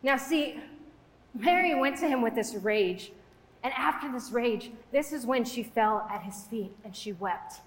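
A woman's voice: on the high side, animated, measured pace. Young woman preaching in an echoey hall. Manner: chatty, conversational, with frequent fillers. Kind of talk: casual sermon. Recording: echoey hall with long reverb.

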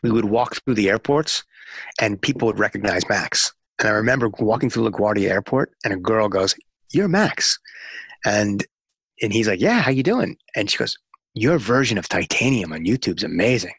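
In an interview, a music radio promotion executive tells a long story, animatedly acting out the voices of the people involved. His voice is lowish, brisk and husky, with no echo.

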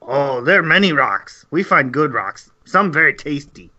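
A man's voice: fairly high pitch, animated, normal speed, bright, forceful tone, heavily acted. A man voicing a small, dim male goblin guard who speaks in broken grammar, eager and fawning, on dull lo-fi audio.

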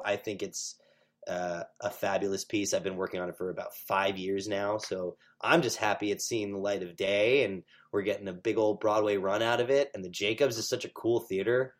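A man, a stage actor, chatting as an interview guest, animated and full of fillers. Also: lowish voice. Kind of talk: casual interview chat.

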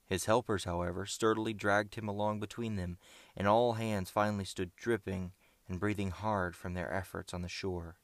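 Steady, measured male narrator with a deep voice and some fry. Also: no room sound. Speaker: audiobook narrator. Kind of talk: scripted audiobook narration.

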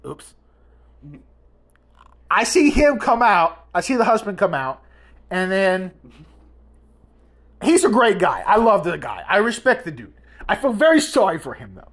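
A woman hosting a casual podcast, telling a family story in a rambling, animated way with many restarts. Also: medium pitch, unhurried, long pauses, husky. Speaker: podcast host.

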